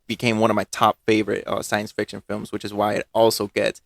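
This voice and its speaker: A man's voice: fairly low pitch, monotone, a little fast, gravelly, a bit bright, no room sound. A man co-hosting a casual film review podcast, blunt and joking, swearing freely. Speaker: podcast co-host.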